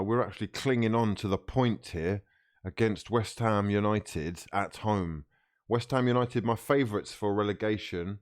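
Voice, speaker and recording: A man reacting live to a football match as a fan streamer, frustrated and swearing, with bursts of shouting at the players. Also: on the low side.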